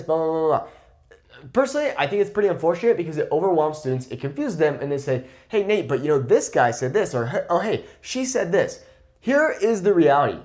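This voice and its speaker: A man in his twenties, a Spanish teacher, talking casually to camera and often checking in with "okay?". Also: a little high. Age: 20s. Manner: lively, emphatic, repeats "okay?" to check in. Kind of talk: casual talking-head lesson.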